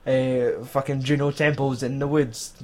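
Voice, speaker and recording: A man's voice: mid-range voice, flat delivery, unhurried, a little mellow. A young Scottish man chatting casually as a podcast co-host, swearing often and laughing as he recaps. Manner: sweary, laughing, jumps into silly put-on voices. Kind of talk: casual chat.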